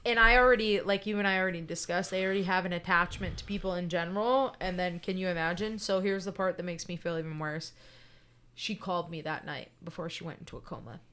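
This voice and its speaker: A woman's voice: lowish voice, quick pace, a bit bright, smooth. A woman in casual podcast chat, telling a personal story bluntly, swearing often and checking in with "right?". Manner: emphatic and candid.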